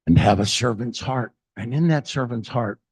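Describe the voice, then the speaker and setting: An older man giving an animated inspirational talk, mixing jokes and stories. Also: mid-range voice, normal speed, slightly rough, dry recording. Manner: animated storyteller, jokes and acted quotes. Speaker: speaker.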